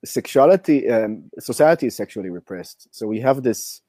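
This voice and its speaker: A man with a hoarse voice speaking in a casual interview, hesitant, with many fillers and restarts. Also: medium pitch, animated, moderate pace, dark tone, dry recording.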